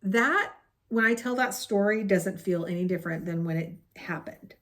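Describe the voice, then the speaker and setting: A woman's voice: mid-range voice, moderate pace, a bit bright. A woman in her late fifties telling a personal story in a rambling, chatty way on her crafting vlog. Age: 50s. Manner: rambling, chatty, with many fillers and asides. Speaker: crochet vlogger. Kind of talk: casual storytelling chat.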